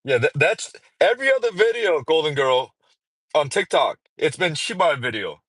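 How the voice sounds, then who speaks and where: A man talks loosely to his phone on a livestream outside a mall. His pitch swings around a lot as he jokes and rants, and the sound is dry and close. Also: very animated, moderate pace, fairly bright tone, breathy edge, no room sound. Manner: rambling, playful, swears freely, sudden singing and high-pitched bits. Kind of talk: casual livestream chat. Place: outdoors at a mall parking area.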